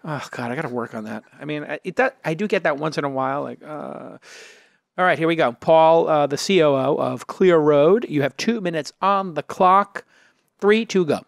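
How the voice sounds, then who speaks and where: A man hosting a startup podcast, reading an ad and joking with a guest in an energetic, salesy way. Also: a little high, normal speed, gravelly, dry recording, studio quality. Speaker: podcast host. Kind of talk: casual chat and host-read ad.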